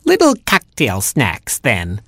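A man voicing a greedy old female porcupine who drawls, gloats and snaps, with a husky, dry sound. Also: mid-range voice, huge pitch swings, bright, forceful tone, dry recording, heavily acted. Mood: greedy scheming. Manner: gloating, drawn-out, snappish.

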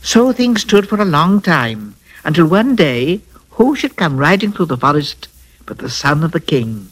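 A man narrating a fairy tale for a children's record in an expressive, lilting way, dwelling on words. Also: fairly high pitch, measured pace, rough recording. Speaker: storyteller.

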